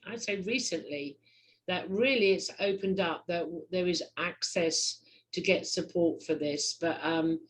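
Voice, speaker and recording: A woman's voice: on the low side, measured pace, slight background noise. A middle-aged woman hosting an interview, chatty, with frequent short affirmations. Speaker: host. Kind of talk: casual interview chat.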